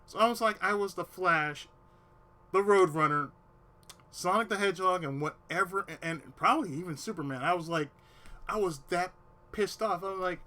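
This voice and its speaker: A man's voice: sits high, moderate pace, pushed and bright. A man telling a long personal story to his stream in casual, swearing-heavy talk, sometimes dropping to a near whisper to quote himself. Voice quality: swears a lot, drops to a whisper when quoting himself.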